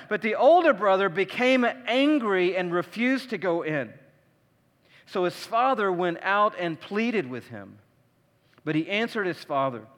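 A man preaching a sermon as pastor, telling a story with animated delivery and acting out its characters. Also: high voice, a little fast. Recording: long reverb of a large hall.

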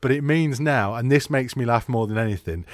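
A man's voice: mid-range voice, fairly quick, dry recording. Dry-sounding male podcast host. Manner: animated storyteller, laughs often. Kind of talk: casual podcast chat.

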